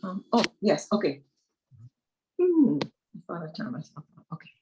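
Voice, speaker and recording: A woman student reciting haltingly and flustered in an online lesson over a video call. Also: fairly low pitch, big pitch swings, mellow, highs cut off, slight background noise.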